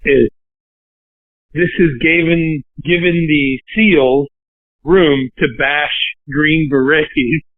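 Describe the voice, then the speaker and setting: A man hosting a podcast in casual chat, blunt and profane, and quick to laugh. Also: on the high side, fairly even intonation, dry recording. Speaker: podcast host. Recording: tinny dry phone line.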